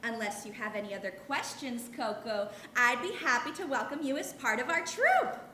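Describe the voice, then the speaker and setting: A woman playing a prim, polished troop leader, high voice, salesy, staged play reading, echoey hall. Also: expressive, normal speed, pushed and bright, slight background noise.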